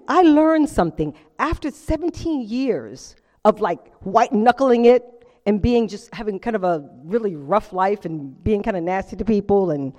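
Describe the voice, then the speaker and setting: A middle-aged woman giving a personal testimony to a recovery group, telling her story in an animated way with acted-out quotes and frequent laughter. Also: fairly high pitch. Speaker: speaker sharing at a recovery meeting. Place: meeting room with audience. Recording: reverberant meeting hall.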